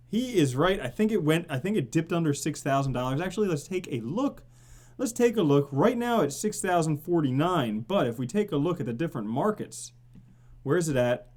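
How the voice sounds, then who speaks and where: A man hosting a casual live stream, theatrical and excitable, swearing and greeting viewers in the chat by name. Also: on the high side. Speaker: crypto live stream host.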